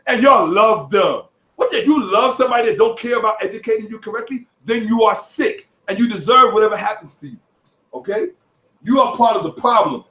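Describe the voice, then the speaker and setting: A man giving heated commentary on other online creators, boastful and profane, sometimes shouting. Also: very high-pitched. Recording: echoey room, distant from mic, dull audio.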